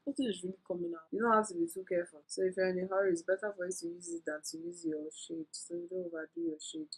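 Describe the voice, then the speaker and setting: A woman's voice: fairly low pitch, fairly even intonation, racing, hardly any pauses, husky, low-quality recording. A woman talking viewers through a makeup tutorial in a chatty, playful way, giving tips and drifting into asides. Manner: instructive, addresses viewers directly. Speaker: beauty vlogger.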